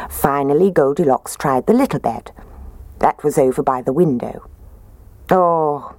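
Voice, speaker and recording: A woman gently reading a children's story aloud, with an expressive manner. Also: low voice, unhurried, no room sound.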